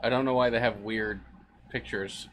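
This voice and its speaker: A man streams a game and offers rambling, jokey commentary, frequently laughing at his own jokes. His voice is lowish and fairly bright, with fairly even intonation at a normal speed, over slight background noise.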